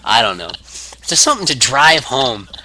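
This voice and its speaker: A man's voice: mid-range voice, sing-song, moderate pace, pushed and bright, a little hiss or hum, rough recording. A young man rambling through a fantasy wrestling booking idea, with many restarts, acting out quotes. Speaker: wrestling fan video maker.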